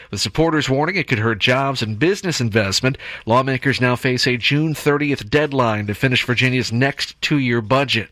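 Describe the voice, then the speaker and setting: A male news anchor reads bulletins on talk radio in a crisp, steady way. His tone is bright and pressed. The studio sound is dry and close. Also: mid-range voice, no echo.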